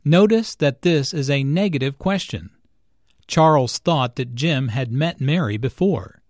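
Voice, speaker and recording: A man giving slow, measured, scripted explanations in an English lesson. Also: mid-range voice, no echo, studio quality. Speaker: English teacher. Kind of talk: scripted language-lesson narration.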